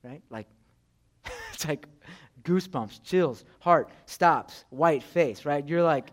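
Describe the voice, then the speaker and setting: A man's voice: a little high, expressive, takes it slowly. A young man preaching a conversational sermon, chatty, with frequent "right?" and "you know". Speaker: pastor.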